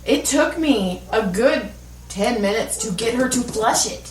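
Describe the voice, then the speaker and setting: A woman's voice: on the high side, measured pace. A middle-aged woman co-hosting a podcast, telling a comic story with lots of laughter and swearing. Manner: animated, laughing storyteller who swears freely. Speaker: podcast co-host. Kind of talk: casual comedic storytelling. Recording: echoey room, mic at a distance, faint noise.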